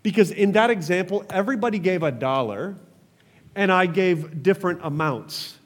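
A man's voice: high-pitched, expressive, normal speed, long reverb tail. A man preaching a sermon as pastor, passionate, calling on the congregation to respond.

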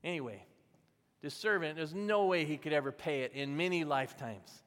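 Preaching in a large hall, a man with a fairly high, slightly bright voice moves at a moderate pace. He narrates a parable as a pastor would, chatting through it and performing the characters' voices.

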